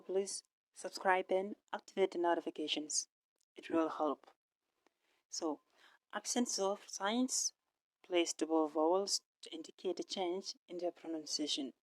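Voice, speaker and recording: Woman teaching a French lesson, slightly low voice. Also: a little mellow, no room sound. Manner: explains step by step with frequent "right?" checks. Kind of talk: online language lesson.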